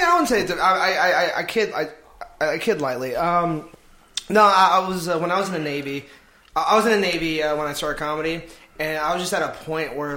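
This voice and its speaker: A comedian chatting as a guest, excitable and loose, with frequent laughs, swearing and restarts. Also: male voice, a little high. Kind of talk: casual chat.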